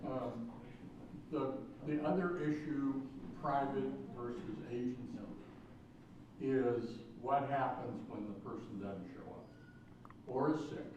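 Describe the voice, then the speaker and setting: A man in the audience asks a question and adds a measured, matter-of-fact point. He sounds far from the mic in a very echoey room, with a dull tone and clear background noise. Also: medium pitch. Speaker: audience member.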